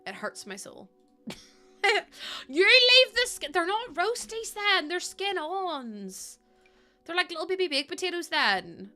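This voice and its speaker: A woman's voice: medium pitch, pushed and bright. A young woman streaming, chatting casually with her viewers and laughing often. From Ireland. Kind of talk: casual live-stream chat.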